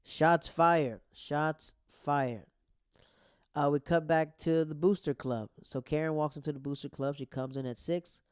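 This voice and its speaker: A young man hosting a casual TV recap show, excitedly retelling scenes with quoted lines and playful sound effects. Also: fairly high pitch, a little fast, few pauses, clean tone, dry recording, studio quality.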